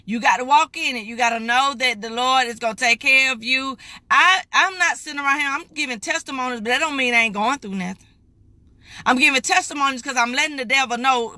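A raspy middle-aged woman preaches to her live viewers in a folksy, emphatic way. Her voice sits fairly high and has a sharp, forceful edge. It is recorded close and dry, with no room sound. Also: fairly quick, dry recording. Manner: emphatic, folksy preaching, calls listeners baby. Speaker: lay preacher streaming live. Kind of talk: live-streamed morning devotional.

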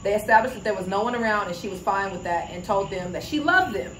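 A woman vlogger talks in a casual, emphatic way, pressing her points with indignation. Her voice sits at an ordinary middle pitch. It is recorded in an echoey room with a faint hum of ambience behind her. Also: animated, quick pace, fairly bright tone. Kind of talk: casual commentary.

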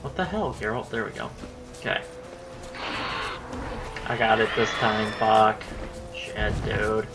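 A man giving live gameplay commentary, swearing and shouting at the game in frustrated outbursts. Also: lowish voice, slow pace, pauses often, over loud music. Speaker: gamer streaming his playthrough.

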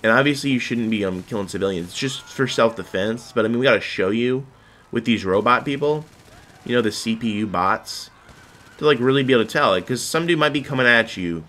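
A man's voice: mid-range voice, fairly quick, a bit bright. A young man giving rambling, jokey commentary over his own gameplay footage. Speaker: gaming video host.

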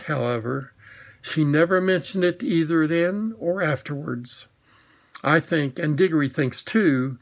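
A man's voice: fairly high pitch, dull audio. Man reading a children's story aloud. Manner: reads with small slips and restarts. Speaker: audiobook narrator.

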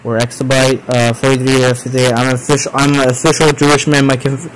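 A young male streamer reading messages aloud to his viewers. He talks in a middling pitch and reacts with loud, exasperated swearing and sudden yelps. A faint hiss of noise sits under his voice. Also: flat delivery, fast, poor audio. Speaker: streamer host.

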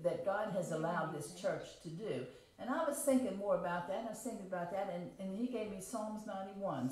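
A woman preacher gives a plain, homespun sermon, reading scripture and then rephrasing it in everyday words. She talks at a medium pitch and asks her listeners questions as she goes. Her voice rings through a very echoey church sanctuary. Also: slight background noise. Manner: repeats and rephrases, reads scripture aloud and explains it.

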